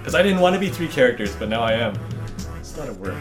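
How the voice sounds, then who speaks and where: A man's voice: mid-range voice, big pitch swings, quick pace, music in the background. A young man co-hosting a podcast in casual chat, joking and teasing his friends. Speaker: podcast co-host.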